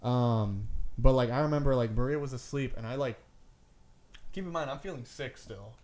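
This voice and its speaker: Co-hosting a podcast, a man with a slightly mellow, medium-pitched voice speaks at normal speed as he tells a long, rambling story in casual chat. It's full of "like" and "I'm like," with casual swearing and "bro" mixed in.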